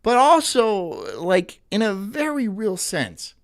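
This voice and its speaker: A man's voice: high-pitched, huge pitch swings, slow. Crude, mocking man streaming. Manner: crude, mocking, rambling asides. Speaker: streamer reacting to clips. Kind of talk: casual live-stream commentary.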